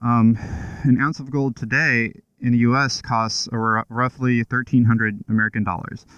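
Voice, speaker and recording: A man's voice: medium pitch, steady tone, moderate pace, fairly bright tone, clear, resonant tone, no room sound, lo-fi sound. A man riding a motorcycle, chatting casually about history through a helmet mic, loose and offhand with asides. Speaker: motovlogger. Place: on a motorcycle outdoors.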